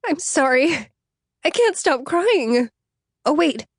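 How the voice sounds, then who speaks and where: Woman narrator doing an earnest, flustered young woman in mourning, pitched well above her own voice, apologetic and breathless, audiobook dialogue in a dry studio. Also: lively intonation, moderate pace, dry recording, natural voice. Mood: tearful, flustered.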